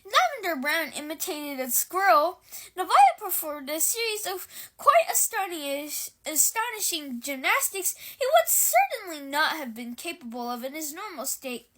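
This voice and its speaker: A woman reading a novel aloud in an expressive storytelling manner. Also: extremely high pitch, unhurried. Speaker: reader.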